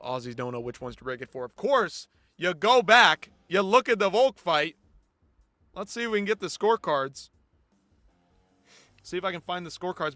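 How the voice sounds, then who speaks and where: A man's voice: high voice, expressive, normal speed, long pauses, pushed and bright, no room sound. A man hosting a live post-fight show, ranting bluntly and with heavy swearing. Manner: blunt, profane, exasperated ranting. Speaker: host.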